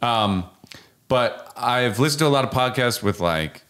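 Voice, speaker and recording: A man's voice: mid-range voice, lively intonation, measured pace, fairly bright tone. A man hosting a podcast, skeptical, asking short follow-up questions in casual chat. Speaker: podcast host.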